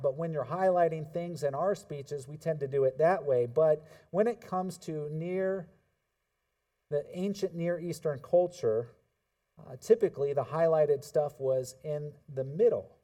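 A man's voice: on the high side, normal speed, dark tone, recorded from a distance. A man preaching a casual, conversational sermon as a pastor, explaining scripture to his congregation. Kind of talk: sermon teaching.

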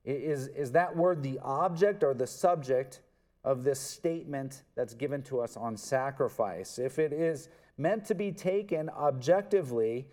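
Slow, mellow-voiced male preacher. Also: mid-range voice. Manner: earnest, emphatic, repeats words for stress. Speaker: pastor. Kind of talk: expository sermon.

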